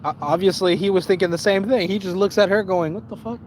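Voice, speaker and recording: Brief: young male streamer, higher-pitched voice, cussing, animated, slangy, stumbling restarts. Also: fast talker, a little hiss or hum. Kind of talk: casual live-stream storytelling.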